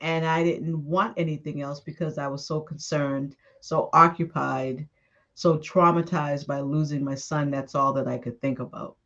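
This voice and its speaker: A middle-aged woman, an author and minister, giving a candid, animated personal testimony in an interview. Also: low-pitched, normal speed, dull audio. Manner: candid and animated storytelling, acts out dialogue with laughs.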